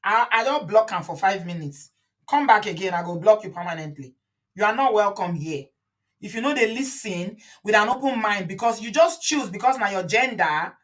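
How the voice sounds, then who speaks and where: A Nigerian woman hosts a live stream and scolds the viewers in the comments, mixing English with Pidgin. Her voice sits at a middling pitch for a woman. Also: fairly bright tone. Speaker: host.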